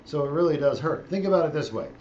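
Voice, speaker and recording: A man's voice: on the high side, animated, fast, a little mellow. Middle-aged man, spine surgeon, casual and joking, slightly dull operating-room audio, faint hum behind. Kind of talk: explaining while operating.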